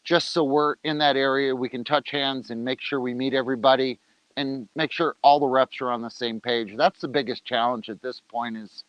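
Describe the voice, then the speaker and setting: Outdoors with rain coming, a man who leads an organization hosts a laid-back livestream, joking loosely and talking with food in his mouth. His voice is smooth with fairly even intonation and a moderate pace. The audio is dry and slightly dull, like a low-grade mic, with no room sound.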